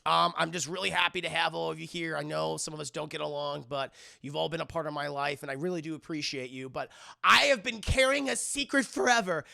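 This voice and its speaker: A man's voice: on the high side, brisk, gravelly, pushed and bright, dry recording, studio quality, heavily acted. A man doing an earnest young graduate. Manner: earnest, pleading.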